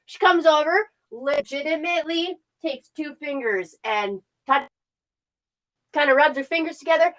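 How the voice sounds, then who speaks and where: A woman's voice: high-pitched, moderate pace, fairly bright tone, poor audio. Profane, candid young woman telling a story. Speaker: podcast co-host. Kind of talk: casual chat.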